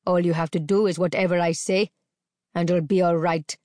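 A woman's voice: lowish voice, steady tone, normal speed, a little mellow, dry recording, studio quality, lightly acted. A woman reading aloud, putting on the voice of a brutal, menacing man who snarls out demands. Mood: contemptuous.

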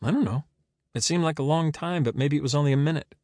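A man's voice: fairly high pitch, fast talker, a little mellow, dry recording, clean studio sound, voice pushed up, lightly acted. A man voicing a wry, curt woman witness. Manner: sardonic, curt replies. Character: dry sarcastic woman, longtime witness.

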